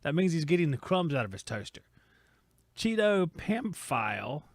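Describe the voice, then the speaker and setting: A fast-talking man with a fairly high, animated voice hosts a casual stream from a home studio. He reads chat comments out loud and teases the commenters in a rambling, jokey way, with no echo.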